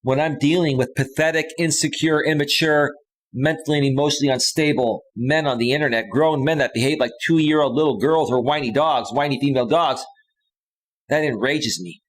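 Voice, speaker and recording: A man's voice: a little high, a little fast. Heated man in his thirties ranting live. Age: 30s. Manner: heated, combative, repeats phrases. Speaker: live stream host, life coach. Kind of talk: ranting live stream monologue. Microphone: close studio microphone with a limiter.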